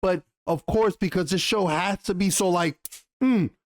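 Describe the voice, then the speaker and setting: A man's voice: high-pitched, normal speed. A man ranting in an exasperated tone as he reviews a TV episode, swearing often and restarting his sentences. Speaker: YouTube TV show reviewer.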